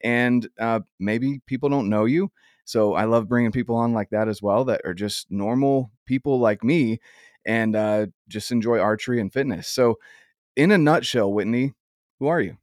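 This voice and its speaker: An upbeat male podcast host with a middle-pitched voice who rambles on with enthusiasm. His voice sounds dry and close, with no room around it. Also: normal speed, dry recording. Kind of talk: podcast intro and interview.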